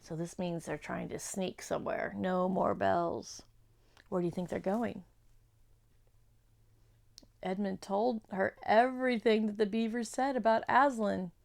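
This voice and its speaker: A woman from a church children's ministry reading a chapter book aloud to children, pausing for chatty questions and asides. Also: mid-range voice, steady tone, creaky, darkish tone.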